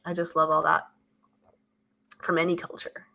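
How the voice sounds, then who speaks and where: Here a livestream host goes through her chat, voicing viewers' comments and answering them casually. She sounds bright, forceful and gravelly, a bit low in pitch, speaking in a monotone at a normal speed.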